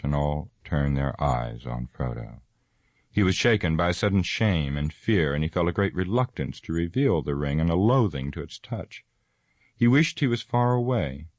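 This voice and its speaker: A man reading a fantasy novel aloud as narrator, shifting pitch and loudness to voice the characters. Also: dry recording. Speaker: audiobook narrator.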